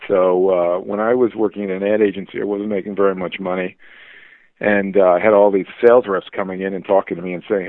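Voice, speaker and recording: A man's voice: low voice, fairly even intonation, fairly quick, no echo. A man telling stories as a podcast guest, enthusiastic and full of fillers and restarts. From New Jersey. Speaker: podcast guest, publishing executive. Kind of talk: conversational interview storytelling. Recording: dry, phone-like narrow line.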